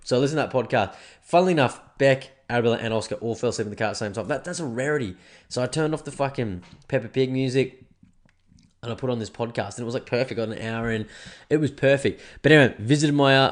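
A young Australian man with hay fever, hosting a podcast in a rambling, laid-back chat that is full of swearing. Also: mid-range voice. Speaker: podcast host. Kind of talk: casual solo podcast chat.

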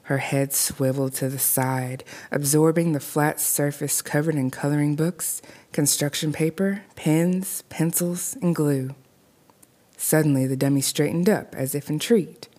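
A woman narrating a scripted horror story in a measured, deliberate way. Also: deep voice, steady tone, dark tone.

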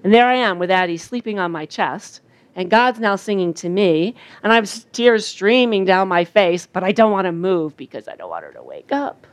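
An older woman giving a sermon at a camp, telling stories and acting out quoted voices in an animated way. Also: medium pitch, moderate pace, no room sound. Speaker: speaker at a church camp. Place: outdoor camp gathering.

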